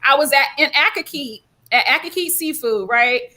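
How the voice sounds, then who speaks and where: Lively high-voiced woman storyteller. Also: moderate pace. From South Carolina. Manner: animated, folksy, quotes people in voices. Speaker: guest speaker. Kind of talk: storytelling on a panel talk.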